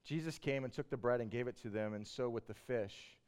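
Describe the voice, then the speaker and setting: Man, sermon, storytelling tone, mid pitch, grows impassioned. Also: fairly quick, a little mellow, clear, resonant tone. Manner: conversational storytelling, building to passionate emphasis. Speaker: pastor.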